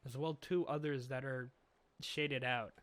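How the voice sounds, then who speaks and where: A man's voice: mid-range voice, steady tone, a little slow, fairly bright tone. A man giving a chatty, rambling comic review, swearing casually as he thinks aloud.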